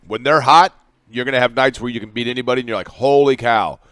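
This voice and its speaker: Man, sports talk co-host, emphatic, repeats his points, mid pitch, dry sound. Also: racing, fairly bright tone, clear, resonant tone, dry recording.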